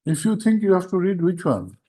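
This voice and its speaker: Pointed judge. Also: male voice, high-pitched, very animated, fairly quick, warm tone. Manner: pointed, demands direct answers. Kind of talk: courtroom questioning. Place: courtroom.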